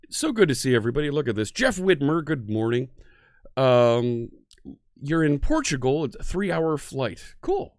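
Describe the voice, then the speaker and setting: A man's voice: mid-range voice, sing-song, moderate pace, a little mellow, no echo, clean studio sound. A man hosting a live coding stream in a casual, chatty way, greeting viewers one by one.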